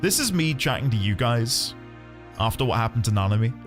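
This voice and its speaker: Brief: male streamer, casual self-mocking commentary, very lively pitch. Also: a little fast, faint music behind. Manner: chatty, laughs at himself, self-correcting.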